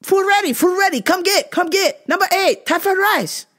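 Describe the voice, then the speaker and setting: A woman voicing a hurried restaurant phone worker who speaks broken English in short, repeated phrases. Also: very high-pitched, fairly bright tone, voice pushed up. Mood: insistent. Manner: clipped, repetitive phrases.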